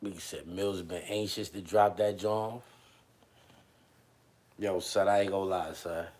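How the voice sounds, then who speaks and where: A man hosting a livestream, chatting casually with viewers in loose, animated slang. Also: sits low, measured pace. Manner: slangy and animated, often addresses chat. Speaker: livestream host.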